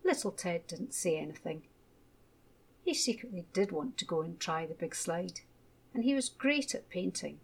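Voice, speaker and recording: A woman gently reading a children's story aloud. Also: lowish voice, lively intonation, creaky, slightly rough. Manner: gentle, measured.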